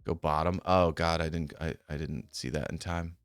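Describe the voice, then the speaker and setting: A man's voice: rumbling low, little pitch movement, moderate pace, clean tone, dry recording. A man chatting casually on a live stream while playing a game and checking options trades, muttering and swearing when annoyed. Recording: faint music behind. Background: faint music.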